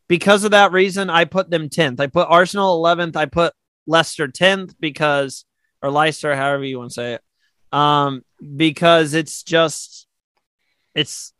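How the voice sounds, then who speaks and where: Easygoing man with a high voice. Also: sharp tone, clear, resonant tone, dry recording. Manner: easygoing, laughs often, restarts. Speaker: podcast co-host. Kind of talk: casual chat.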